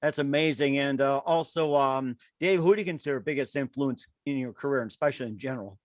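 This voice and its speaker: A man's voice: mid-range voice, quick pace, no echo, clean studio sound. A man hosting a casual interview, upbeat and encouraging, laughing easily. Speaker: podcast host.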